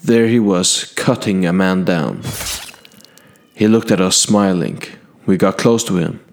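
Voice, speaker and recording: A man telling a fantasy adventure in character, recounting past deeds to a king in a measured, earnest first-person way. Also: deep voice. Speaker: storyteller.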